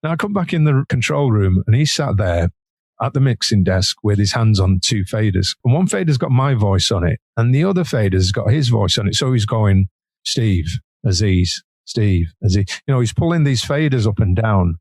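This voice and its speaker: A man tells stories in a low voice, casual and animated. He laughs often and acts out the people he quotes. The sound is dry and close. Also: brisk, no room sound. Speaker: guest guitarist. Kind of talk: casual storytelling interview.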